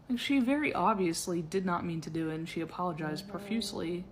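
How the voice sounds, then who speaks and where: Blunt female reactor, ex-Marine. Lowish voice, jokey. Faint hum of room ambience behind her. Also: a little fast, hardly any pauses. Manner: blunt and joking. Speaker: commentator, Marine veteran. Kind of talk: casual reaction commentary.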